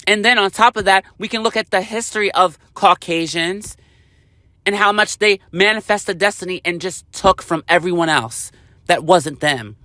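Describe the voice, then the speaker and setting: A man's voice: high voice, normal speed, bright, forceful tone, dry recording. A man delivering a heated, profane political rant to camera, hammering his points with emphatic repetition. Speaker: vlogger.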